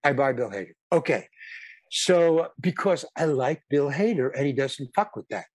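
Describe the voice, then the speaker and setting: A man's voice: mid-range voice, animated, normal speed, dry recording. A man in his eighties, a guest actor and comedian, telling casual anecdotes in a rambling way, with repeated words, restarts and some blunt swearing.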